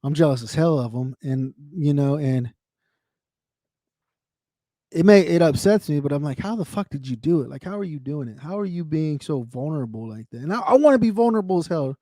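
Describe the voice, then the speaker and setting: A man's voice: on the high side, expressive, brisk, warm tone, no echo, clean studio sound. Candid, profane veteran man on a livestream. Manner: candid, swearing, repeats himself, talks to viewers by name. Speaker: livestream host. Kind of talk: casual emotional chat.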